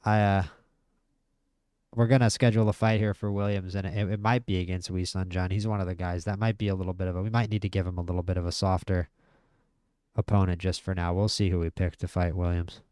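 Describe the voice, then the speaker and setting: A man giving casual, excitable commentary while playing a boxing management game, talking to himself about each fight. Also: low-pitched, fast talker, clear, resonant tone, dry recording, clean studio sound. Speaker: gaming video host.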